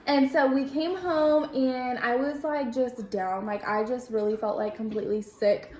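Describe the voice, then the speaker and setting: A woman's voice: a little high, fairly even intonation, measured pace, darkish tone. A young woman in her twenties telling a personal story in casual chat, rambling with lots of "like" and quoting people as she goes. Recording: echoey room.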